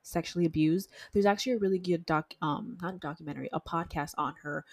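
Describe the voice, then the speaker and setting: A woman's voice: lowish voice, fast, no room sound. A woman chatting casually with blunt, emphatic opinions. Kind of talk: casual chat.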